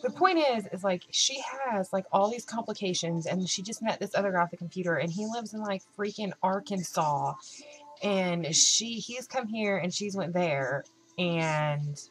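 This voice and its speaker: A woman's voice: medium pitch, normal speed, soft background music, rough recording. Chatty young woman vlogging. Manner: chatty and animated, acts out both sides of conversations. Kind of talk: casual chat.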